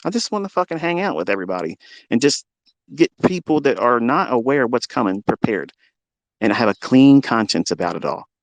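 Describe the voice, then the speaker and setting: A combative man talks at an ordinary middle pitch, swearing and taunting as he goes. His voice sits close and dry, with almost no room sound around it. He speaks as a trading teacher in a raw, unscripted monologue. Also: sing-song, a little fast, no echo. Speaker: trading educator. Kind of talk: profane monologue rant.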